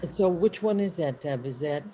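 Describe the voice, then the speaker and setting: A woman with a very low voice joins a class over a video call. She reads a translated verse slowly and hesitantly, feeling her way through it. Faint hiss sits under her audio. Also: animated. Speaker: class participant.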